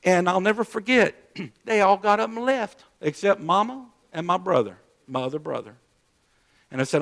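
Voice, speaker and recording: A man preaching, telling a personal story in a sermon, moving between hushed low stretches and loud raised emphasis, with many repeats and restarts. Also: normal speed, creaky. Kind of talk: sermon testimony.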